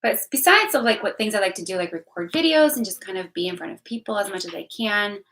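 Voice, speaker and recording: A woman's voice: medium pitch, lively intonation, fast talker, a crowd in the background, rough recording. A young woman vlogging candidly about a hard year, rambling emotionally with many restarts and repeated words. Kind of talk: candid personal vlog talk.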